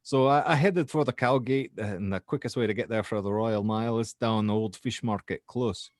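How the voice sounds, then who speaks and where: A man voicing a young Scottish male university student in a put-on Scottish accent, reading a horror statement with halting restarts. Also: lowish voice, no echo, studio quality, voice pushed up, natural voice. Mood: uneasy recounting.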